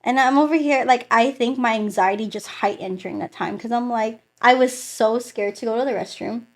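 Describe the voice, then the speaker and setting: A young woman gives her personal faith testimony in an interview, telling it animatedly and imitating the people she quotes. She says "like" often, and her voice is a little high and brisk.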